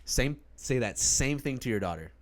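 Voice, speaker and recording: A man co-hosting a podcast in casual chat, telling animated stories and acting out family members. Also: mid-range voice, moderate pace, a little hiss or hum. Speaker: podcast co-host.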